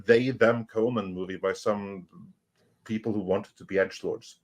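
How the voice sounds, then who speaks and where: A man's voice: on the low side, fairly even intonation, normal speed, muffled recording. A man telling an anecdote in a casual panel chat, with fillers and little laughs. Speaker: podcast panelist.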